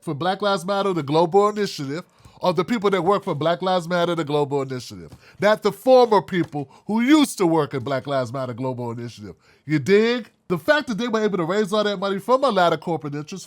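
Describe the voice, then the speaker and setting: Male commentary host, high-pitched voice, blunt and heated, swears freely. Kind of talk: opinion commentary.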